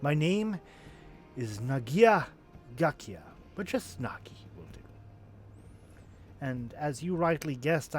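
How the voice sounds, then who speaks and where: A man voicing a nervous, eager teenage boy adventurer who speaks politely and a little stiffly, in a video game. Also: on the high side. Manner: polite, earnest and a bit stiff.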